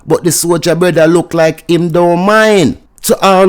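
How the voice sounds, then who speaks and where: A man's voice: fairly high pitch, expressive, unhurried. A man with a Jamaican accent giving a chatty news review, mixing patois into standard English. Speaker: news commentator.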